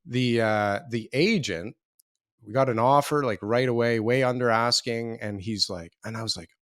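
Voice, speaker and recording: A man's voice: medium pitch, moderate pace, dry recording, clean studio sound. A man in his forties, a real estate developer and interview guest, telling his story in a rambling, self-deprecating way with many restarts. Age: 40s.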